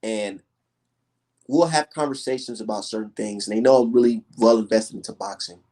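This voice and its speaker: A young man hosting a casual livestream, telling stories in an emphatic, profane, animated way. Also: fairly low pitch, moderate pace. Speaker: livestream host.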